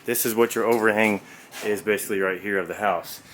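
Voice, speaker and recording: A man's voice: on the low side, steady tone, fairly quick, fairly bright tone. A man walking through his building work outdoors, explaining each step in a loose, folksy way, recorded on a camera's own mic. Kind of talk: casual job-site walkthrough. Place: outdoor construction site, windy. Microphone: camera's built-in mic. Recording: windy outdoor camera audio. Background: wind noise.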